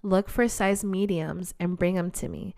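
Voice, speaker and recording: A woman's voice: fairly low pitch, fairly even intonation, a little slow, vocal fry, darkish tone. A woman voicing her older Mexican grandmother, who gives curt orders and scolds with profanity. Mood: instructing.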